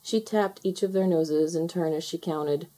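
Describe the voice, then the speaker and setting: A woman reading a children's picture book aloud with gentle, expressive storytelling. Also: lowish voice, normal speed. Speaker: storybook reader.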